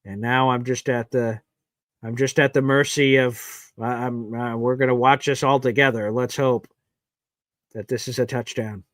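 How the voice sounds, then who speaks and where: A man hosting a live sports watch party, giving emotional play-by-play that swings from nervous muttering to loud cheering. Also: medium pitch, fairly even intonation, normal speed, no echo.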